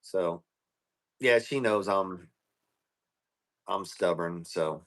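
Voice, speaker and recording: A man's voice: low voice, extremely slow. Profane joking man in casual chat. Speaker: guest on a live stream.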